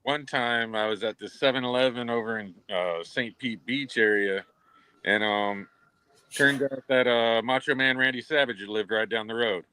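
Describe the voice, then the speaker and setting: A man chatting casually, telling an anecdote in a relaxed, hesitant way. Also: medium pitch, normal speed, clean tone, poor audio. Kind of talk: casual chat.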